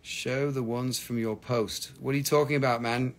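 A man with a mid-range voice and fairly even intonation speaks at a moderate pace, with a little hiss or hum in the recording. He's the chatty, joking host of a live rock and mineral sale, swearing casually and teasing his audience.

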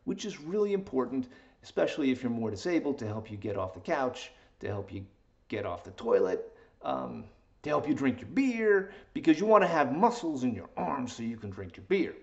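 A man's voice: medium pitch, big pitch swings, normal speed, gravelly, muffled recording. A man hosting a fitness vlog in a casual, jokey way, hamming it up in a silly put-on accent.

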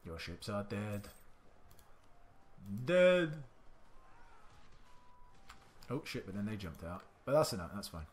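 A man's voice: on the low side, big pitch swings, takes it slowly, pauses often, slight background noise. A man giving indecisive let's-play commentary, muttering to himself and swearing now and then. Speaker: gaming channel host.

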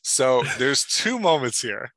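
A man hosting a writing podcast, chatting in an animated way and filling his talk with "like" and "right?". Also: medium pitch, takes it slowly, dry recording. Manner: animated, lots of "like" and "right?", reads examples aloud. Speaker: podcast host, writing coach. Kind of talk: casual explanatory chat.

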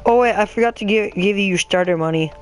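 A man's voice: high voice, fast, faint music behind. A man in casual gameplay chat, bossy and teasing as he runs the game's money, muttering little sound effects. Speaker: gamer running an in-game shop.

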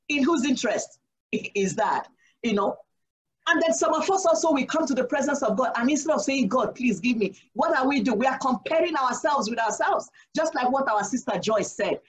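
A woman's voice: sits high, expressive, normal speed, poor audio. A deaconess teaching a church Bible study, exhorting and asking her listeners questions that she then answers herself. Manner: asks rhetorical questions and answers them herself; earnest, exhorting, sprinkles in "Praise the Lord".

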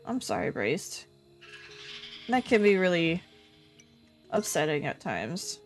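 A woman streamer talks her viewers through her game in a relaxed, unhurried way. She chats and reacts casually as she plays, with soft music playing behind her voice. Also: lowish voice. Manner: chatty, reads chat, bursts into loud frustrated yelps. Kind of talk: casual live game commentary.

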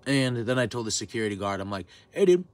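A man's voice: on the low side, fairly even intonation, fast talker. A man in his twenties telling a heated, profane story in a vlog rant. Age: 20s. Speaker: vlogger. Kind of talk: ranting storytime.

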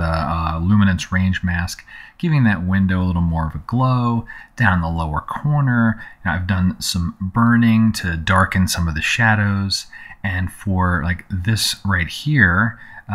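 A man with a notably deep, low voice walks through a screen-recorded editing tutorial. He talks loosely and conversationally, leaning on fillers like "you know" and "um" as he explains each step. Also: a bit bright. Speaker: photography tutorial host.

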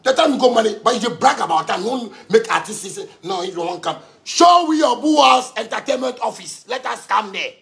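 Heated gravelly Ghanaian man ranting. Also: very high-pitched, lively intonation, fairly quick, hardly any pauses, fairly bright tone. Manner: heated, profane, repetitive. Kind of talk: angry rant.

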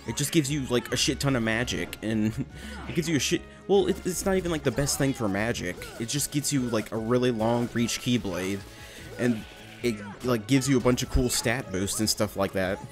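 A man's voice: medium pitch, moderate pace, over music. A man giving rambling, profane, jokey commentary while playing a game. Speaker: gamer. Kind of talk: let's play commentary.

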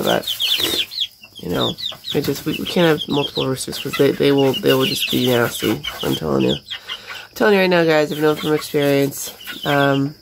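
A woman's voice: sits low, vocal fry. A middle-aged woman chatting casually in a vlog as she tends her backyard chickens, rambling and talking to the birds. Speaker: backyard chicken keeper and vlogger. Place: outdoors at a backyard chicken coop. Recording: loud outdoor farm noise. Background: chickens clucking and roosters crowing.

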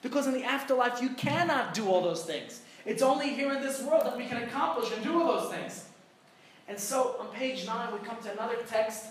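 A man's voice: very high voice, expressive, a little fast, a little hiss or hum. A rabbi teaching a conversational Torah class, putting rhetorical questions to his listeners and telling jokes. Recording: very echoey room, mic far off.

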